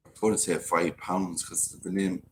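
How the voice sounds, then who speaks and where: A man's voice: sits low, fairly even intonation, moderate pace, slight background noise. A man hosting a casual live-stream chat, chatting and reading out viewer comments.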